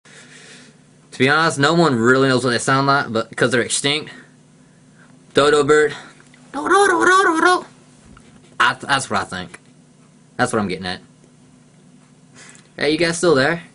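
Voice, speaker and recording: A man's voice: mid-range voice, expressive, unhurried, long pauses, pushed and bright. A man, a pastor, chatting casually over a video call, rambling and breaking into squawking bird imitations.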